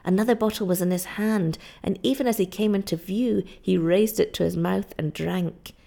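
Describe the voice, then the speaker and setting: Gravelly woman reading a story aloud. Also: medium pitch, steady tone, warm tone. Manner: measured storytelling. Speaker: narrator. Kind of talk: audiobook narration.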